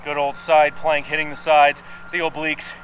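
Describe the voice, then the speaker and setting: A man's voice: a little high, completely flat delivery, moderate pace, a bit bright, slight background noise, rough recording. A man from Wisconsin leading a guided workout outdoors, counting reps aloud, joking playfully and breathing hard from the exercise. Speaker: fitness instructor. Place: outdoors in the sun.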